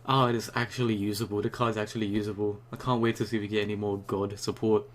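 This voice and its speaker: A young man ranting casually and excitedly about a new card, rambling and swearing often, just after waking up. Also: on the low side, fast, few pauses, a little hiss or hum. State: just woke up. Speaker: YouTuber reviewing a card.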